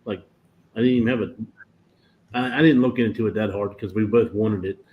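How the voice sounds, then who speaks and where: Here a man explains cruise internet plans in a casual livestream chat, wandering off track and fixing his own words as he goes. His fairly low voice stays fairly even in intonation and moves a little fast, over dull lo-fi audio with faint noise.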